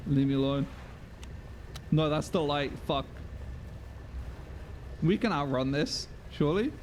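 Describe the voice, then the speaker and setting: A man's voice: on the high side, slow pace, darkish tone, a little hiss or hum. A man streaming a game live, chatting with viewers, sweary and self-mocking. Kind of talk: live gameplay commentary.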